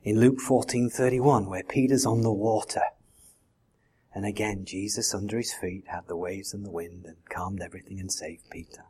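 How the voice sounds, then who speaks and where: Husky kiwi pastor guy preaching, chatty, keeps asking the crowd questions. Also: lowish voice, steady tone, moderate pace, mellow. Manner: conversational, with rhetorical questions. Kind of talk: sermon.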